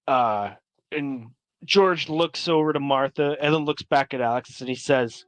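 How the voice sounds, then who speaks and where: A man's voice: mid-range voice, unhurried, no echo. A man narrating as game master of a tabletop game, talking loosely with many fillers.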